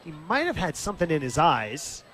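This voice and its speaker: A man calling live baseball play-by-play in a steady, conversational way, lifting his voice briefly when the action comes. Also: on the high side, a little fast. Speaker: play-by-play announcer. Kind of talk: live baseball radio commentary.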